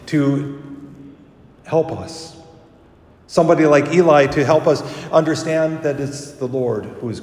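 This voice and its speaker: A priest giving a conversational homily, correcting himself and livening up when he quotes people. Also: medium pitch. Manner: conversational, self-correcting, animated when quoting. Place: church. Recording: echoey church from a distance.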